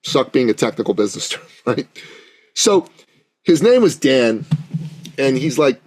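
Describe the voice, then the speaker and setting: A man with a husky, breathy voice tells a story as a podcast guest. He acts out the dialogue with animation and keeps checking in with his listener. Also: mid-range voice, big pitch swings, moderate pace, long pauses, darkish tone.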